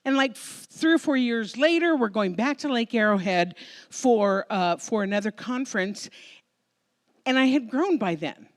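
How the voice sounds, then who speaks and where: An American woman minister giving a Sunday sermon, telling a personal story in a conversational, emotional, expressive way before a congregation. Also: on the high side, moderate pace. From United States. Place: church sanctuary before a congregation.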